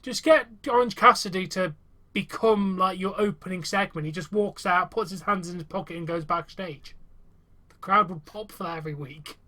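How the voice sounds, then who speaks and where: A man's voice: high-pitched, moderate pace, pushed and bright. A young man hosting a casual wrestling review chat, rambling and chatty with many fillers. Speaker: host.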